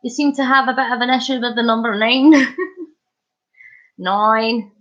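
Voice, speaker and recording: A Scottish woman from Scotland hosting a live stream, chatting playfully with viewers and telling animated stories. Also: on the high side, fast talker. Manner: chatty and playful, reads comments aloud, animated storytelling. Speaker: livestream host. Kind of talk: casual live-stream chat. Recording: dull lo-fi stream audio.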